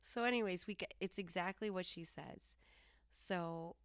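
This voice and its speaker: A woman from Colorado telling a story casually as a podcast host, jumping up in pitch when she quotes herself. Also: moderate pace, no echo, clean studio sound. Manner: lively, jumps high when quoting herself.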